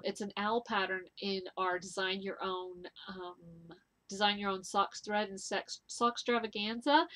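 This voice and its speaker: A woman's voice: mid-range voice, a bit bright. A middle-aged woman hosting a knitting video podcast, chatting to camera in an enthusiastic, gushing way with many ums and laughs. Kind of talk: casual chat to camera.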